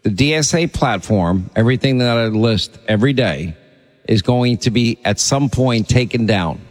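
A man hosting a call-in radio show, chatting briskly with a caller and cutting in to keep things moving. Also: mid-range voice, animated, big-room sound. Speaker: radio talk show host.

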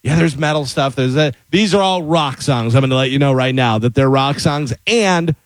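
A man's voice: mid-range voice, normal speed, no echo, rough recording. A man co-hosting a casual radio show, telling laid-back stories and introducing segments. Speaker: radio co-host.

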